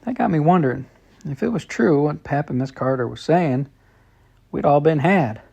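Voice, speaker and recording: A man's voice: fairly high pitch, lively intonation, normal speed, gravelly, mellow, husky, highs cut off. A man reading a children's story told in letters, in plain, friendly storytelling. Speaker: storybook reader.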